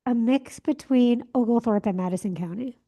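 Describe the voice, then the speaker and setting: Young woman podcast host, kinda high voice, rambly storyteller doing everyone's lines. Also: moderate pace, dark tone. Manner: chatty storyteller, acts out quoted lines. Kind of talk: casual chat.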